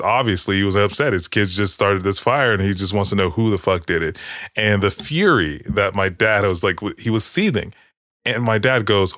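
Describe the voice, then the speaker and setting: Rambling, low-voiced male podcast co-host. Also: a bit bright, no room sound, studio quality. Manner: rambling, with many restarts and profanity. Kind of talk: casual chat.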